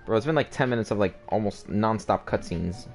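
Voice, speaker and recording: A man doing joking, excitable let's play commentary, talking over cutscenes. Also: lowish voice, brisk. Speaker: game streamer. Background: game music.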